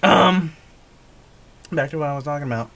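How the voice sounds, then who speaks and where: A man with a fairly high, slightly bright voice talks at normal speed in a casual gaming vlog. It's a rambling monologue in which he often chuckles and corrects himself.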